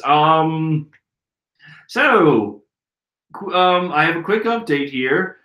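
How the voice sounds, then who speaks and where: Giggly, animated man in an echoey room. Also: a little high, takes it slowly, long pauses. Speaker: manga reading channel host. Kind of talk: casual reading and commentary. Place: room at home. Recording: roomy echo.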